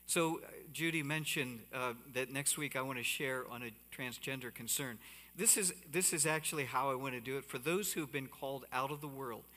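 Man, pastor, sermon, bright voice, reverberant church hall. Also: medium pitch, moderate pace. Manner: animated, laughs and asides to the congregation. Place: church sanctuary. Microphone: body-worn mic.

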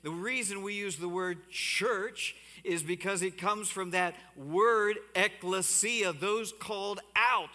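A man preaching a sermon as pastor on a body mic, animated and given to asides to the congregation. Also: high voice, slow, few pauses, in a large hall. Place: church sanctuary. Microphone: body-worn mic.

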